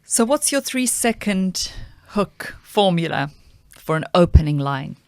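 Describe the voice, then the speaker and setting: Lady podcast host, really low voice, dry close mic, reacts fast and engaged. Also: expressive, a little mellow, dry recording. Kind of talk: casual podcast interview.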